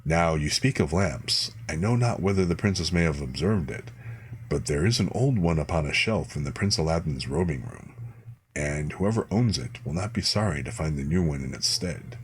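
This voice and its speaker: A man's voice: very deep voice, animated, normal speed. A man doing a sly, coaxing maidservant. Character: sly female servant, eager to suggest.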